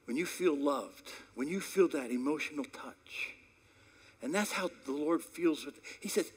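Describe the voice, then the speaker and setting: A man preaching a sermon in a conversational storytelling way, swinging between sudden loud peaks and hushed asides. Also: a little high, measured pace, husky. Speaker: pastor.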